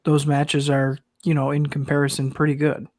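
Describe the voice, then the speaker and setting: Male podcast co-host, slightly higher voice, laid-back and joking, dry close sound. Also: monotone, normal speed, a little mellow, no echo. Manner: laid-back, joking, lots of ums and agreeing. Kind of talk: casual chat recapping wrestling.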